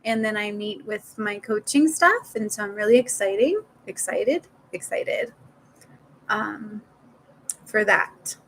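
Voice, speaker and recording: A woman's voice: medium pitch, unhurried, a bit bright, low-quality recording. A woman talking casually to viewers in a live stream as a spiritual healer, swearing now and then and repeating words for emphasis.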